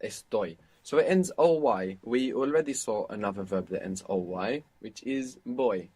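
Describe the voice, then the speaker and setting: A man with a slightly husky voice gives a spoken language lesson. He explains points patiently and prompts his learner to answer and repeat. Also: fairly low pitch, animated, moderate pace, warm tone. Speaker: language teacher.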